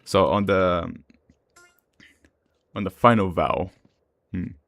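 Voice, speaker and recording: A man speaking English with an Eastern European accent in a fairly low voice. He rambles through casual gameplay commentary, dropping fillers and easy chuckles as he goes. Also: fairly even intonation, slow pace, a bit bright, no echo. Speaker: gaming streamer.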